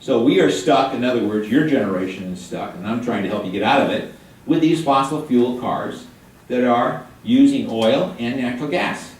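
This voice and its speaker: An older man giving a guest lecture to high school students, chatty and joking as he quizzes the room. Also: normal speed. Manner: chatty, jokey, quizzes the audience. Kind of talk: classroom lecture with questions to students. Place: high school hall or classroom. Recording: echoey room, mic at a distance.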